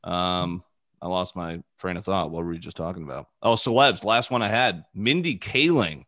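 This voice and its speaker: A man's voice: low-pitched, normal speed, no room sound, clean studio sound. Profane young man hosting a podcast. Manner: loose, profane, animated storytelling. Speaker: podcast host. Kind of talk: casual chat.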